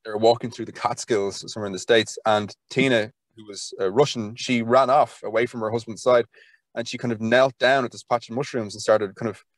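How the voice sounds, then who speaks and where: A folklore archivist from Ireland, appearing as a podcast guest, talks in a relaxed conversational interview at an ordinary middle pitch. He is eager and rambling, restarting sentences and filling them with "kind of." The recording is dry and close, without room sound.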